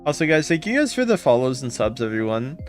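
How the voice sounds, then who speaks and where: A man's voice: mid-range voice, sing-song, quick pace, soft background music. Man greeting viewers on a live stream. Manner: greets chatters by name, repeats thanks. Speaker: game streamer. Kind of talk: casual live-stream chat.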